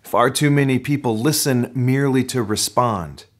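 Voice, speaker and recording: Animated male pastor preaching. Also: moderate pace. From North America. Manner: animated preaching, pitch rising on emphasis. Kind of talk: sermon.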